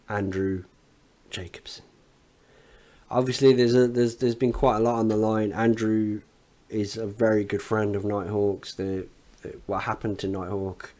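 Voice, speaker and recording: A man with a lowish voice reviews a wrestling event as an analyst. He recaps the matches excitedly and swears often.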